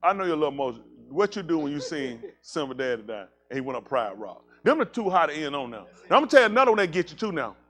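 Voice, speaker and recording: Before moving into his sermon, this pastor jokes around with the congregation, teasing members and bursting into loud exclamations. He talks fast with hardly any pauses, and his very animated voice is a little high.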